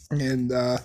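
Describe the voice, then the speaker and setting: A young adult storyteller casually retelling a fan story, rambling with fillers, coughing and clearing their throat often. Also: mid-range voice.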